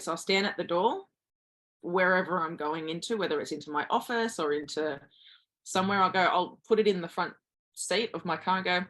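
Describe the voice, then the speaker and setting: A woman's voice: on the low side, brisk, fairly bright tone. A woman guest giving earnest motivational advice, speaking directly to listeners as a confidence coach.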